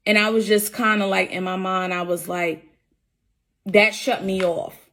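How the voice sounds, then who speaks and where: In an unhurried, fairly bright, mid-range voice with a steady tone, a young woman tells her viewers about her work suspension. She's the employee recounting it herself, emotional and earnest, repeating each point as she works through it.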